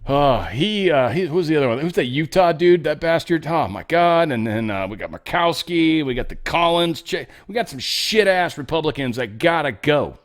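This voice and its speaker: A man's voice: on the high side, animated, normal speed, few pauses. A man hosting casual political commentary, rambling, profane and sarcastic, with mocking asides.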